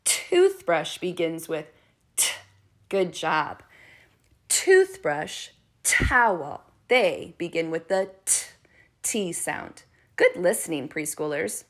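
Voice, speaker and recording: A middle-aged woman teaching preschoolers from home, speaking slowly in an encouraging, sing-song manner. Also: lowish voice, very animated, fairly bright tone. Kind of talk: video lesson for young children.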